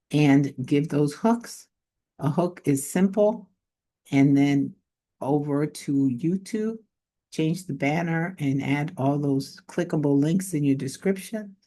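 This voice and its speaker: A woman's voice: deep voice, darkish tone. A woman giving casual online marketing tips to camera, modest and conversational, thinking aloud as she goes.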